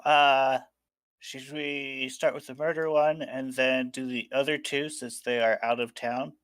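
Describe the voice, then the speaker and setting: A man's voice: mid-range voice, little pitch movement, a little slow, a bit bright, clean tone, no echo. Agreeable man tabletop player. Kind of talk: casual tabletop game chat.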